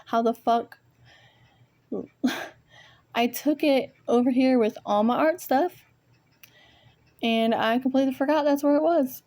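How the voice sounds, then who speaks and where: A woman's voice: high-pitched, a little slow, long pauses, a little mellow. A woman venting in a casual monologue to viewers, rambling and swearing often, with self-mocking laughs, recorded on a phone propped up at home among her art supplies. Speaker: vlogger. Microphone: phone propped nearby.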